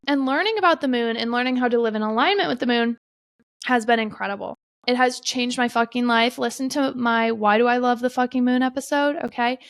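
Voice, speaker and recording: A woman's voice: sits high, a bit bright, dry recording, studio quality. A young woman hosting a solo podcast, talking bluntly and earnestly with lots of swearing and emphatic repetition. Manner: earnest, confessional. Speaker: podcast host. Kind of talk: casual solo podcast monologue.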